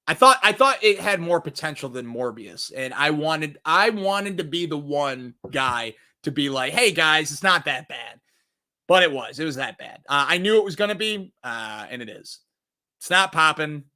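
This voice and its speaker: A man's voice: on the high side, bright, forceful tone. A man hosting a casual movie review show, talking animatedly, swearing freely and acting out quotes.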